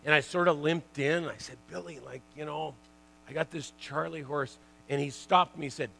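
Brief: older ex-athlete speaker, slightly raised pitch, rambling and chatty, laughs through his anecdotes. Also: moderate pace, creaky, poor audio. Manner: chatty, lots of "you know" and "like"; animated, laughs at his own stories. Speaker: former pro hockey player giving a talk. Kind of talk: storytelling talk to an audience.

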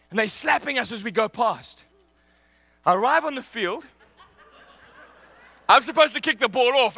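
A middle-aged man preaching a sermon, telling a lively story that he often breaks into with shouts and laughter. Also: very high-pitched, no room sound. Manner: animated, shouting and laughing through anecdotes.

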